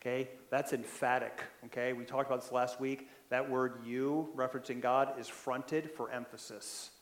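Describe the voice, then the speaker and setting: A man preaching a sermon in a conversational way, often checking in with the listeners, and growing louder when he stresses a point. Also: mid-range voice, moderate pace, reverberant. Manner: conversational, keeps asking "right?"; animated, builds in loudness when stressing a point. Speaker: pastor.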